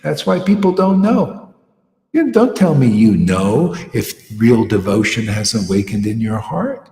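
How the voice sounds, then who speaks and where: A man giving an informal, animated devotional sermon, often scornful and laughing as he preaches. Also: medium pitch, measured pace. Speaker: spiritual teacher. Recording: echoey room with long reverb.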